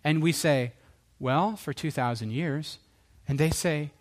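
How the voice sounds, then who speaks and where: A middle-aged man preaching a sermon, animated, asking rhetorical questions and acting out quoted voices. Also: fairly high pitch, a little slow.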